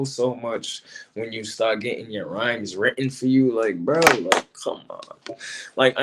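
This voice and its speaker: Slangy, animated man talking battle rap. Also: mid-range voice. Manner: animated, slangy, repeats himself. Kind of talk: casual commentary monologue.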